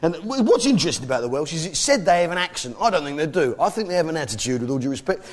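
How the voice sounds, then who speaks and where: A comedian playing a boastful, jingoistic English pub landlord with an English accent, bellowing chummy asides to a live audience. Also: male voice, fairly high pitch, big pitch swings, rapid-fire. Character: loud boastful English pub landlord, middle-aged man. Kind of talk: stand-up comedy character act.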